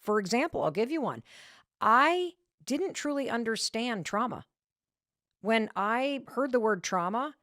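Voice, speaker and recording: A middle-aged woman hosts a podcast, answering listener questions with motivational advice. Her mid-range voice is a bit bright, and she speaks emphatically and conversationally, landing punchy stress on key words. The audio is studio quality with no room sound.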